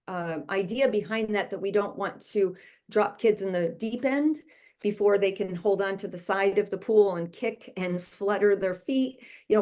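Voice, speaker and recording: A woman's voice: mid-range voice, a little mellow. Patient woman explaining spelling steps. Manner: patient, explains step by step with fillers. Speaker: literacy tutor. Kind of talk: instructional explanation.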